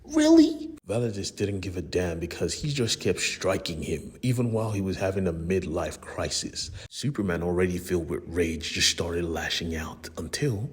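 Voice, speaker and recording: Young man, low-pitched, crisp and clean voice, casual slangy comic recap, talks to viewers. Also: normal speed, hardly any pauses. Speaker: comic book recap host.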